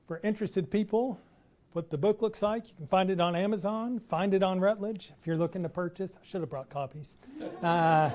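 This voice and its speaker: A middle-aged man with a Texas accent giving an academic talk to an audience in a relaxed, conversational way with frequent "uh" fillers. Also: on the high side. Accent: Texan. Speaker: professor giving an installation talk.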